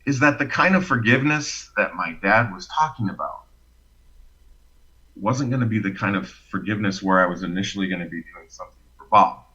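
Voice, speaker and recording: A man telling his personal story as a podcast guest, expressive and animated, acting out the quotes. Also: deep voice, husky, muffled recording.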